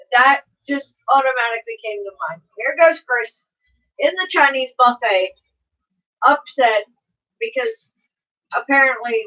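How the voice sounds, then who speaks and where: Woman, chatty stream host, high and sharp, dull and far from the mic. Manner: chatty, laughs often, reads viewers' comments aloud. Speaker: livestream host reading chat. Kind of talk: casual chat. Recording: dull sound from a distance.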